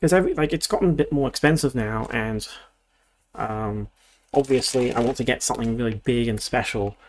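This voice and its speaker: A man's voice: medium pitch, a little fast, a little hiss or hum. A young adult man from Australia, chatting casually on a livestream, rambling and thinking aloud with lots of restarts. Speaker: streamer. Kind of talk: casual livestream chat while building.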